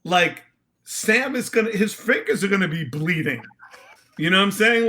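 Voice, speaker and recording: A man chatting as a podcast guest, animated and joking, quick to laugh. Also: sits high. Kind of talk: casual chat.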